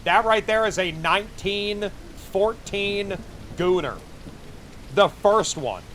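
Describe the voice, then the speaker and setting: A man's voice: high-pitched, animated, slow, a bit bright, slight background noise. A man streaming a game, chatting and joking to his viewers as he plays. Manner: joking, chatty, talks to himself while playing. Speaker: VTuber streamer. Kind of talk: casual gaming commentary to chat.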